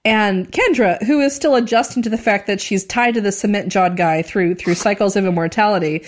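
A woman in a casual TV review chat, animated, laughing often and mimicking accents. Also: on the high side, a little fast, few pauses. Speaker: podcast co-host.

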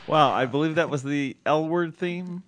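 A man's voice: on the high side, unhurried, a bit bright, no echo. A man hosting a casual podcast who teases his co-host, laughs often and steers the show to letters and calls.

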